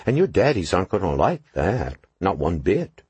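A man reading an audiobook, voicing a tough, cool-headed woman police officer who speaks in a firm, measured, commanding way. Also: low voice, sing-song, a little mellow, slightly rough, dry recording, full character voice. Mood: stern. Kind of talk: audiobook narration.

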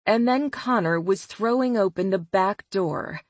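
A woman narrating a first-person audiobook in a measured, expressive way. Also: medium pitch, dry recording.

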